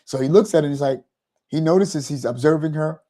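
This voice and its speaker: A man's voice: on the high side, fast, warm tone. A man hosting a motivational talk, rambling and repeating "you know" as he explains. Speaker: host.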